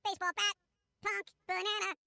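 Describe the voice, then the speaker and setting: A woman's voice: very high voice, little pitch movement, fairly quick, creaky, bright, forceful tone, slight background noise, full character voice. A woman voicing a cartoonish punk banana character, chanting rhymes in a sing-song jingle.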